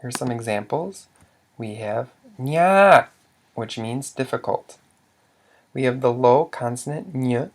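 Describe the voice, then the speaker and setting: A man's voice: medium pitch, steady tone, unhurried, darkish tone. A man teaching a language lesson, explaining rules patiently step by step with some fillers.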